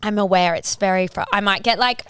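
A woman's voice: medium pitch, brisk, a bit bright, clear, resonant tone. A woman, co-hosting a casual podcast, blunt and teasing, swearing casually. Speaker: podcast co-host. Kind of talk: casual chat.

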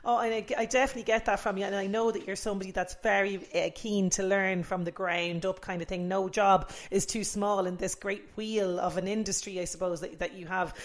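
A woman with a middle-pitched voice hosts an interview. She asks her questions chattily and stumbles through a few "um"s and repeated words as she builds up to them. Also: steady tone, a little fast, hardly any pauses. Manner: warm, chatty questions with hesitant fillers. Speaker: interviewer host. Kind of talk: casual interview.

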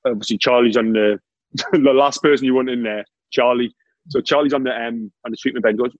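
A man's voice: mid-range voice, fast talker, dry recording, dull audio. A man telling stories in a casual chat, laughing often and saying "mate" constantly. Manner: laughs a lot while telling anecdotes, says "mate" constantly.

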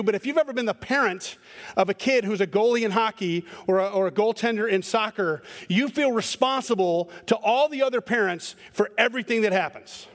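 A male pastor preaching a sermon, telling a story in a lively, animated way with repeated words. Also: high-pitched. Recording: long hall reverb.

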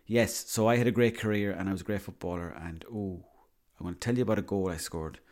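Rambling man, low voice. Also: fast talker, a little mellow. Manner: rambling, boastful, swears freely. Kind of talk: comic monologue.

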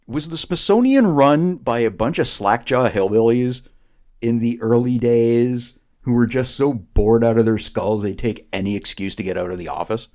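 A man's voice: mid-range voice, normal speed, warm tone. A man co-hosting a podcast, riffing sarcastically in casual chat. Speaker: podcast co-host.

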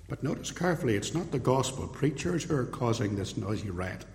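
A man's voice: medium pitch, sing-song, fairly quick, hardly any pauses, a little mellow. A man in his sixties with a Northern Irish accent, preaching an expository sermon and weaving in anecdotal stories. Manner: anecdotal storytelling. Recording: long hall reverb.

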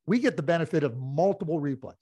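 Man, middle-aged, hockey analyst, rambling anecdotes, lots of fillers, slightly high voice. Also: animated, quick pace, mellow, slightly rough. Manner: rambling storyteller with many "you know" fillers. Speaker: hockey analyst and former team executive. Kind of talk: anecdotal sports talk.

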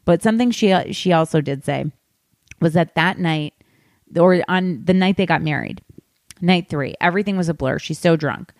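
A woman hosting a podcast, chatting casually and gossipily about a book, with animated asides to her listeners. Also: mid-range voice, no room sound, studio quality. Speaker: podcast host. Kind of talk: casual book-discussion chat.

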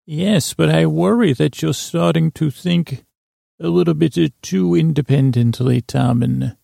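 A man's voice: a little high, measured pace, vocal fry, warm tone, no echo, clean studio sound, heavily acted. A man voicing a manipulative female vine spirit, coaxing in a silky, wheedling way. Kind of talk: improvised comedy voice acting.

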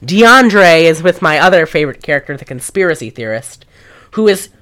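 A woman co-hosting a casual comedy recap, animated and sarcastic, swearing freely. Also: deep voice, normal speed. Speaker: podcast co-host recapping a film.

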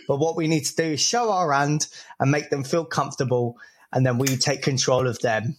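A man's voice: mid-range voice, brisk, a little hiss or hum. A man co-hosting a casual podcast, hesitant and self-deprecating at times. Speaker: podcast co-host.

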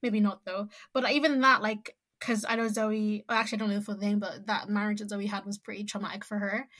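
A woman co-hosting a podcast in casual chat, talking haltingly with many restarts and fillers. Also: mid-range voice, little pitch movement, fairly bright tone. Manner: hesitant, full of "like" and trailing restarts. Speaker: podcast co-host.

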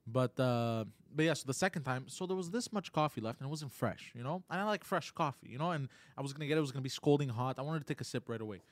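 A man's voice: medium pitch, lively intonation, fast talker, hardly any pauses, dry recording. A man on a casual podcast, telling a story at length and peppering it with "you know" and "bro". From Montreal area.

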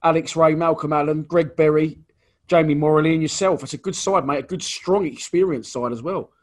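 A man with a slightly high voice hosts a casual interview. He chats like a fan, running through an old team lineup name by name. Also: steady tone, brisk. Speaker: podcast host and fan.

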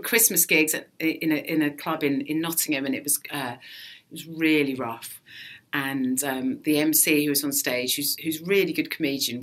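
A woman, a stand-up comedian, chatting casually in an interview and telling lively, sweary stories in which she acts out other people's lines. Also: deep voice. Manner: lively storyteller, swears freely, acts out quotes.

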